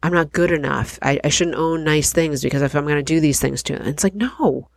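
A woman's voice: sits low, a little fast, gravelly, dry recording. A woman hosting a podcast, telling a personal story in a chatty, self-deprecating way and laughing often. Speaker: podcast host.

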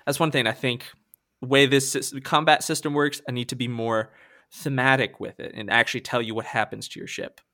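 A game master narrating a tabletop role-playing game in a relaxed way, correcting himself as he goes. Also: medium pitch, a little fast. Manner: relaxed, with self-corrections and restarts.

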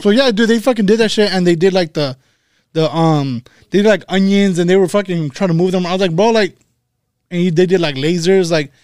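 A man's voice: high voice, a little fast, a little mellow, clean tone, no room sound, studio quality. A young man in a casual podcast chat, rambling and stammering, swearing often.

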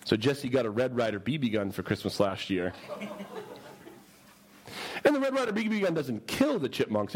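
A man's voice: high-pitched, breathy edge, low-quality recording. A male preacher telling a humorous story in a sermon and asking his listeners questions. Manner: animated, humorous, asks the audience questions.

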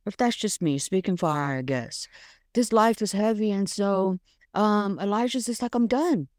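Chatty woman doing a faith podcast, mid-pitch, super dry sound, just talking it out. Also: moderate pace, dry recording. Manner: frank, chatty, swears casually, many fillers. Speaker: podcast host. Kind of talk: casual devotional podcast monologue.

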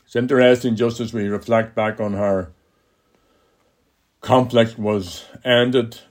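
Older man, Irish accent, fairly low voice, measured column reading. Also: a little mellow. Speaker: political columnist. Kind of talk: reading a written column aloud.

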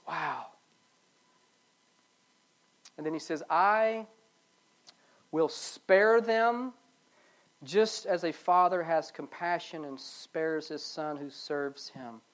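A pastor giving a sermon, swinging between loud pleading and soft low passages and repeating phrases for emphasis. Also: steady tone, a little slow, few pauses.

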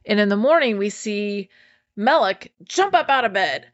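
A woman's voice: medium pitch, animated, moderate pace, no room sound, highs cut off. A woman casually recapping a show episode, chatty and enthusiastic, acting out the characters' lines as she retells them.

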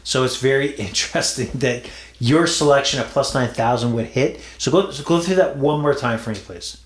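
A man's voice: mid-range voice, normal speed, echoey room. A man hosting a casual sports betting podcast, playful and teasing, often repeating himself. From Toronto area, Canada. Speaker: podcast host.

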